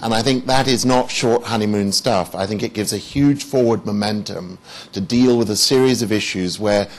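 A man speaking as a panelist in a policy discussion, fluent and confident. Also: lowish voice.

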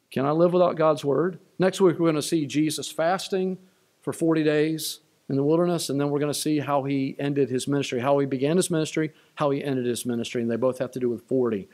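Male pastor, slightly high voice, emphatic church sermon delivery with repeated refrains. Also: fairly even intonation, fast talker, a little mellow. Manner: emphatic, repeats key lines, rising on quotes. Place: church sanctuary.

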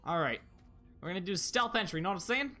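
A streamer giving excitable live commentary while playing a shooter, yelping and talking to chat. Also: medium pitch, quick pace, soft background music. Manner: excitable, yelps and laughs, talks to chat.

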